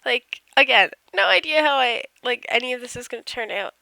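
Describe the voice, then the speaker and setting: A woman's voice: a little high, lively intonation, fairly quick, gravelly, bright, forceful tone, dry recording. A woman casually narrating over her game build, rambling and self-deprecating, yawning as she goes. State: tired, yawning.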